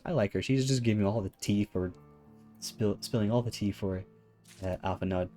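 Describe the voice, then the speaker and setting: A man streaming a game from home, chatting in a soft-spoken, chill, self-deprecating way. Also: lowish voice, a little fast, faint music behind. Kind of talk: casual chat while gaming. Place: home room with rain on the ceiling.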